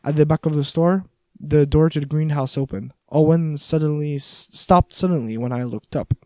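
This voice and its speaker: Mellow-voiced male audiobook narrator. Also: a little high, normal speed, dry recording. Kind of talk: first-person audiobook narration.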